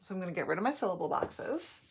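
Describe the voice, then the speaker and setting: A woman teacher giving a patient phonics lesson, modeling each word slowly and clearly. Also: fairly low pitch, big pitch swings. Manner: slow, patient, drawn-out modeling of words.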